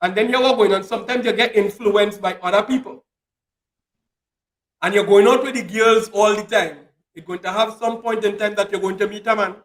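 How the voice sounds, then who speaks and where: A man hosts a casual chat, holding forth in a preachy way and repeating phrases for emphasis. His high-pitched voice stays steady at normal speed, and the room is echoey.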